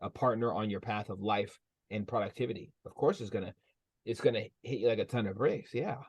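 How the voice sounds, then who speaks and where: A man's voice: fairly low pitch, fairly quick, breathy edge, no room sound. A man hosting a podcast, answering his guest in a reflective, supportive way. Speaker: podcast host. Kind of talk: casual interview.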